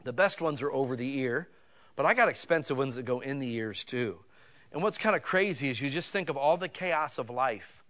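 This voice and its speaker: A man's voice: medium pitch, expressive, normal speed, a bit bright. A man preaching a sermon in a folksy, conversational way, talking directly to his listeners with emphatic swells. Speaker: pastor.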